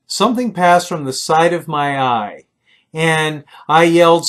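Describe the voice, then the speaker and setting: A man's voice: fairly high pitch, lively intonation, a little slow, a bit bright. A middle-aged man giving a short lecture on ethics, talking earnestly and telling personal stories, with frequent fillers and restarts. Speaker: leadership lecturer.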